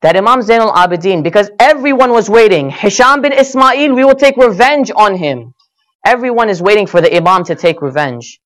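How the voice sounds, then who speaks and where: A man's voice: high-pitched, animated, brisk, a bit bright. A man giving a sermon, telling stories earnestly and voicing the quoted lines with rising and falling emphasis. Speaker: speaker at a religious gathering. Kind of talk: sermon storytelling.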